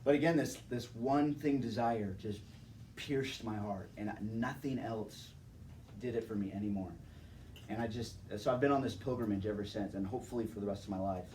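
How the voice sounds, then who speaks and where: A young man with a slightly low, somewhat mellow voice casually shares his personal testimony with a live audience at a moderate pace. He's relaxed and chatty, laughs a lot, and keeps calling people "man" and "dude." The mic sits at a distance and picks up faint background noise.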